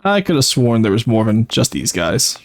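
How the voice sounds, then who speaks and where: A man's voice: mid-range voice, big pitch swings, normal speed, soft background music. A man streaming a strategy game, casually thinking aloud and explaining his tactics with frequent "uh"s and self-corrections. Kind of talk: casual live-stream commentary.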